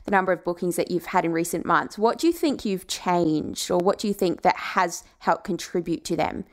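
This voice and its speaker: A woman's voice: fairly low pitch, a little fast. A woman hosting a podcast interview, chatty and encouraging, laughing often as she asks questions. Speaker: podcast host and marketing coach. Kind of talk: casual interview chat.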